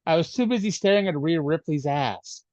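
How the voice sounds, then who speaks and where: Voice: mid-range voice, expressive, normal speed, darkish tone, no echo, muffled recording. A podcast co-host in casual chat, speaking dryly and hesitantly with many fillers. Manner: dry, hesitant, lots of fillers.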